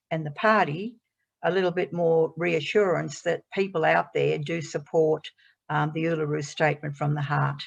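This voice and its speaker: Older woman, low and gravelly, measured forum guest. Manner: measured, gentle, pauses with fillers. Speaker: guest speaker. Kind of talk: forum talk. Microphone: video call.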